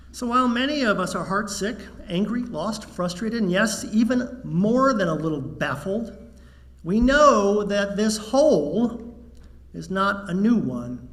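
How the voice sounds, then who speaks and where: A man preaching a sermon to his congregation, measured and wry, telling a joke before turning serious. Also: high voice, a bit bright. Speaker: minister.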